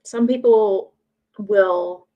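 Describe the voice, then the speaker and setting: A woman's voice: mid-range voice, drawn-out words, warm tone, muffled recording. A woman chatting casually on a live stream, blunt and opinionated, swearing freely. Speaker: streamer, podcaster. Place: home.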